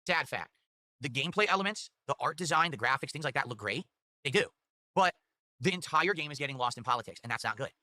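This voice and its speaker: A man streaming, answering chat questions in a rapid, matter-of-fact way. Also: medium pitch, lively intonation, sharp tone, no room sound. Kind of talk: live-stream chat reading.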